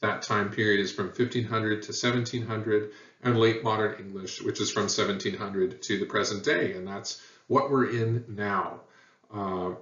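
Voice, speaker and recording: Lecturing man, lowish voice, plenty of ums, roomy and dull distant sound. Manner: relaxed, thinking aloud with many fillers. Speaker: teacher. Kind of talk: recorded lecture. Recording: echoey room heard from far, dull sound.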